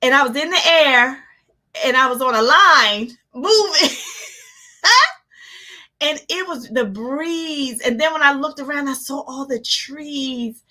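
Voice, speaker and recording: A woman life coach giving an energetic motivational talk, animated and laughing often as she acts out her own reactions. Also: high-pitched, slow. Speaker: life coach hosting a live motivational session.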